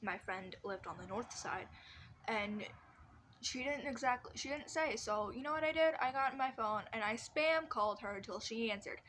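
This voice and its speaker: A woman's voice: fairly high pitch, moderate pace, a bit bright, a little hiss or hum. A young woman in her teens telling personal stories in a casual vlog from her bedroom, rambling with many restarts and fillers. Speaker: vlogger.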